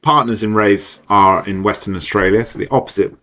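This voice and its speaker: Lively man, a bit deep. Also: a little fast. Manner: animated, repeats words when restarting, laughs often. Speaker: podcast guest, entrepreneur. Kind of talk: casual interview chat.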